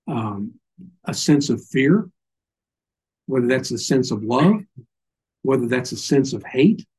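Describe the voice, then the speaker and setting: Here a husky, dark-toned male voice, pitched a little high, comes through a low-quality recording. He's an older man with a Southern accent teaching the Bible informally, in a folksy way, wandering into small stories and asides as he preaches.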